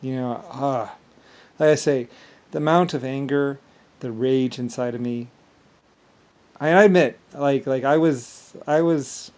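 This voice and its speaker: A vlogger, male, with a medium-pitched, somewhat dark voice, rambles through a solo monologue. He halts, repeats words, and lets his sentences trail off.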